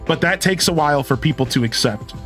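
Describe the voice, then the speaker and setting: Chatty streamer man, slightly high voice. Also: animated, a little fast, a bit bright, faint music behind. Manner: rambling, chuckling, thanks viewers by name. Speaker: game streamer. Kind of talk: casual live-stream chat with viewers.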